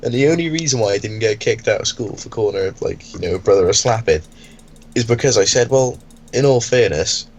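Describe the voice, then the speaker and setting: A man's voice: fairly low pitch, quick pace, a little hiss or hum. Sweary young man telling school stories. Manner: animated, sweary, laughs while telling. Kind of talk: casual storytelling.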